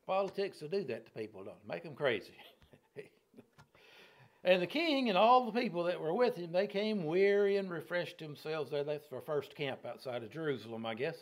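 A middle-aged man teaching scripture verse by verse in a relaxed, folksy way. He chuckles often and keeps turning questions back to his class. His voice sits a little higher than most men's. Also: fairly quick. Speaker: Bible study teacher. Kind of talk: casual verse-by-verse Bible teaching.

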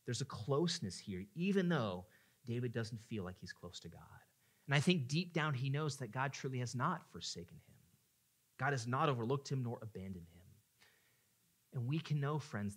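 Casting: male pastor, earnest sermon delivery, mid-range voice, shifts between hushed reflection and impassioned pleading. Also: medium pitch, slightly rough.

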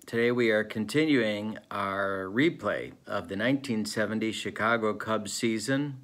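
A man narrates a tabletop baseball replay in the manner of a old-school sportscaster. His delivery is mock-serious and deadpan. It moves at an easy, relaxed pace, with plenty of fillers in between. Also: lowish voice, moderate pace. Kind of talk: play-by-play style narration of a tabletop game replay.

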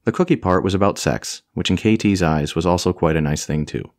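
A man's voice: low-pitched, a little fast, no room sound, clean studio sound. A man narrating a comic fantasy audiobook with a wry, storytelling delivery.

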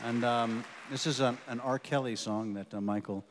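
A man's voice: medium pitch, steady tone, moderate pace, a little hiss or hum. A man introducing his band from a concert stage in casual, rambling banter full of ums, speaking into a stage microphone. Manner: chatty, rambling storyteller with many ums. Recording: long reverb of a concert hall.

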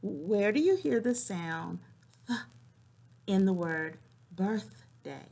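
A woman teacher leading young children through a phonics lesson, clearly sounding out word parts and encouraging them. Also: medium pitch, animated, takes it slowly, warm tone. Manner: encouraging classroom tone.

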